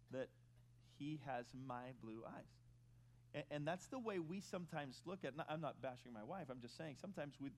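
A middle-aged man preaching a sermon as pastor, talking casually about his family and then building to emphatic points while leading the congregation in reading scripture aloud. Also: medium pitch. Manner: conversational preaching, rising to emphatic stress, leads congregation in reading.

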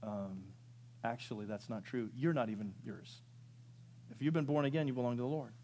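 A man preaching a sermon, moving from loud rising questions to low quiet asides. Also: brisk, a little hiss or hum. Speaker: pastor. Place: church sanctuary.

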